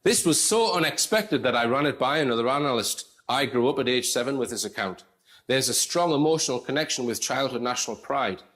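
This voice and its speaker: A man talks through a commentary video in a plain, mid-pitched voice. He reads passages aloud, then breaks off to address the viewer directly with tag questions and casual asides. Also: animated, a little fast, a bit bright. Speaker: video presenter. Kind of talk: commentary voice-over.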